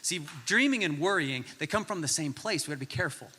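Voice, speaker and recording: A male pastor in his forties tells a comic story from the stage, and his voice sits high and very bright. He is animated and jokey, acting out the people in his story. The sound carries a long reverb from a large church hall. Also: quick pace.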